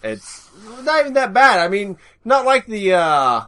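Bright-voiced podcast cohost dude, chill and teasing. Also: male voice, high voice, very animated, measured pace. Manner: easygoing, teasing, chatty. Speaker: podcast co-host. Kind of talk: casual podcast banter.

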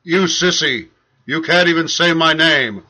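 A man voicing a menacing male prisoner who taunts a marshal, read aloud from a novel in a slow, emphatic way. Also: on the high side, bright, forceful tone, full character voice. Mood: taunting.

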